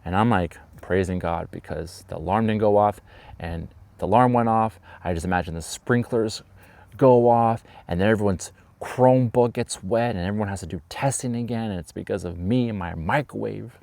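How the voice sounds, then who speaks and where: A man, a teacher, telling a lively story from his classroom in a vlog and acting out the voices. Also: fairly low pitch, moderate pace, creaky, dry recording. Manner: animated storyteller, acts out voices.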